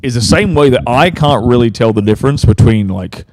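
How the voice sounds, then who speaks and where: Quick-talking Australian man. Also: mid-range voice, expressive, darkish tone. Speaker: guest. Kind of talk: casual conversation.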